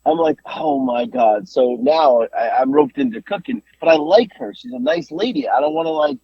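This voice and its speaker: A man's voice: a little high, a little fast, slightly rough, no echo. A man hosting a podcast in casual chat. He tells stories with lots of energy, rambles, and keeps restarting his sentences, on a dull, dry lo-fi recording. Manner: animated rambling storyteller, frequent restarts. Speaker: podcast host.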